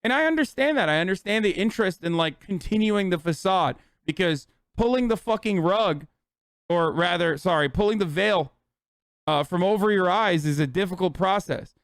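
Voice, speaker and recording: A man's voice: high voice, animated, normal speed, a bit bright, clean tone, dry recording. Angry profane man ranting, dry close mic. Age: 30s. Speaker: streamer. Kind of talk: heated political commentary.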